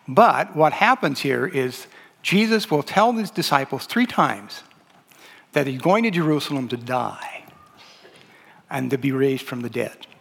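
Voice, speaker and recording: A man's voice: mid-range voice, expressive, unhurried, creaky, fairly bright tone, husky. A man teaching a Bible lesson, talking loosely with many fillers and restarts as he reads and explains. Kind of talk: lecture on a gospel. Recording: long hall reverb.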